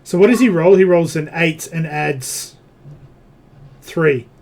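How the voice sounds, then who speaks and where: A man's voice: a little high, slow, a little mellow. A man running a tabletop game as game master, hesitant and full of fillers as he works out dice math.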